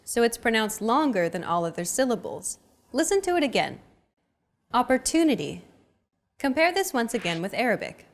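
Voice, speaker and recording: A young adult woman hosting a language lesson in an upbeat, clear teacherly delivery. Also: a little high. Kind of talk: scripted lesson narration.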